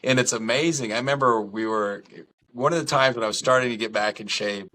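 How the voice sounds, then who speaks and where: A middle-aged man, a podcast guest, telling stories in a casual chat, lively, candid and self-deprecating. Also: medium pitch, a little fast, slight background noise.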